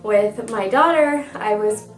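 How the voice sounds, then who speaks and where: A woman's voice: mid-range voice, slow, faint music behind. A young woman giving a chatty, upbeat pregnancy update, stuffed up from a cold and a little out of breath. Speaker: vlogger. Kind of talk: casual pregnancy update vlog. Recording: echoey room, mic at a distance.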